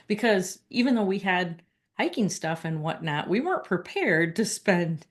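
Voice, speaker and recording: A woman telling a personal story in a casual, earnest and reflective way, halting and restarting as she goes. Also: lowish voice, very animated.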